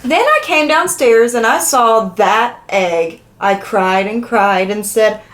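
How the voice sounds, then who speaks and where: A woman's voice: on the high side, slow. A woman reading a picture book aloud to young children, asking them questions as she goes. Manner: animated, asks the young listeners questions. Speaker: children's story reader. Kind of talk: interactive read-aloud for children.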